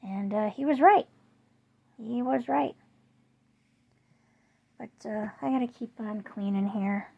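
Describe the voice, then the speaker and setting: Woman, gravelly, a bit high-pitched, rambling vlog chat, leaps up in pitch when quoting herself. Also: slow, long pauses, narrow, tinny audio. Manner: rambling storyteller with many fillers. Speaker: vlogger. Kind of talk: casual chat to camera.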